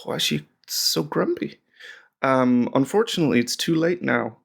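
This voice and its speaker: Brief: Northern Irish male tutor, mid-pitched, gravelly, rambling and informal. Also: lively intonation, normal speed, fairly bright tone. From Northern Ireland. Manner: rambling, chatty, with frequent ums. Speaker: language teacher. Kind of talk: casual language lesson.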